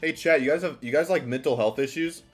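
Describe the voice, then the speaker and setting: A man's voice: on the high side, quick pace. A man streaming live, chatting casually in a rambling, self-mocking way and often restarting his sentences. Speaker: streamer playing a party game. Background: faint background music.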